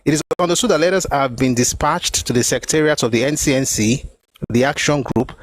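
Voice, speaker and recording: A man's voice: medium pitch, a little fast, no room sound, low-quality recording. A man hosting a talk show, reading from a book and explaining each point with emphatic repetition. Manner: emphatic, repeats phrases to drive points home. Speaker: host.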